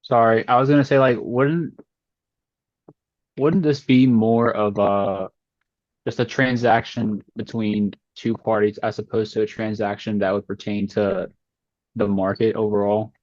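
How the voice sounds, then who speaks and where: A man's voice: on the low side, steady tone, measured pace, a little mellow, no room sound. A male student on a video call, answering hesitantly and searching for the right words. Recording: dull lo-fi call audio.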